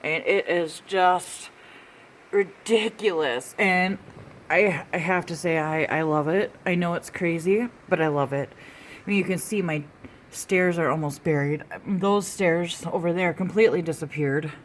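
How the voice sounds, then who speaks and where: Slightly low and unhurried, a woman's voice comes through with some hiss or hum. She's out in a snowstorm recording a casual video diary on the phone in her hand, chatty and a little winded, laughing now and then and addressing her pets.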